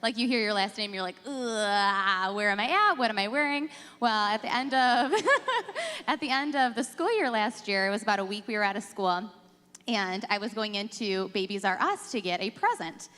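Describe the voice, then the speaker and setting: Bright, expressive female kindergarten teacher. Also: mid-range voice, normal speed, big-room sound. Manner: expressive, laughing storyteller. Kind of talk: storytelling on a church panel.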